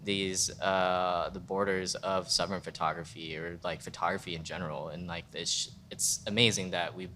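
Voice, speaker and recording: A man's voice: low voice, steady tone, moderate pace, few pauses, sharp tone, a little hiss or hum. A man guest photographer in a casual panel talk, rambling and frank, full of "like" fillers. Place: museum event space.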